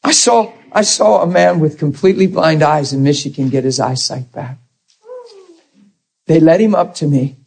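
A man preaching a sermon in a conversational, animated way, acting out the people he quotes. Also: medium pitch, breathy edge, low-quality recording.

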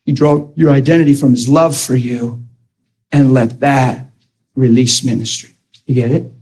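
A man preaching a sermon, telling a personal story with excited, emphatic delivery and frequent stammered restarts. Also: mid-range voice, moderate pace, breathy edge, low-quality recording.

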